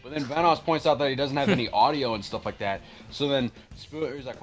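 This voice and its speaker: A young man co-hosting a casual gaming podcast, retelling a video clip with animated, shrieking impressions. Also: medium pitch, fairly quick, hardly any pauses, faint music behind. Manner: animated storyteller, acts out game clips in loud shrieking bursts. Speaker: podcast co-host. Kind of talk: casual chat.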